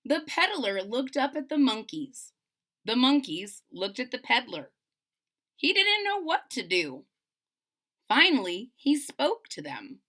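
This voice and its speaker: A woman reading a children's storybook aloud, playful and expressive, with chatty asides to young listeners. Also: high voice, takes it slowly. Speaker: storybook reader.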